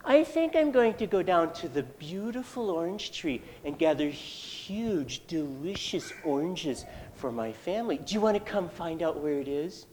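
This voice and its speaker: A storyteller voicing a polite, clever little girl who speaks calmly and teases gently. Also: medium pitch, unhurried, few pauses, a little hiss or hum, voice pushed up, lightly acted. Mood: calm teasing. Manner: calm, mildly teasing.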